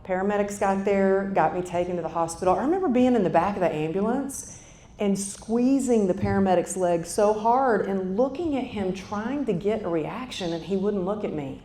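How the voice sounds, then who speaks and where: A woman's voice: normal speed, dark tone. A woman in her fifties giving a motivational keynote, telling a story in a chatty way and talking straight to the audience. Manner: conversational, addresses the audience directly. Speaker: keynote speaker. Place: conference hall stage. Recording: echoey hall with faint rumble.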